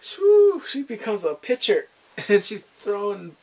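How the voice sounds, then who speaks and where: A man casually recapping a TV drama with animated, laughing storytelling. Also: high-pitched, unhurried. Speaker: drama reviewer.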